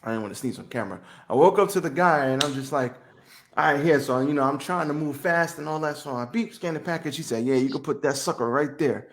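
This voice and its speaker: A man's voice: fairly high pitch, quick pace. A man co-hosting a podcast, telling stories in a laid-back, slangy way. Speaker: podcast co-host. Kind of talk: casual chat, storytelling. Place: home studio on camera.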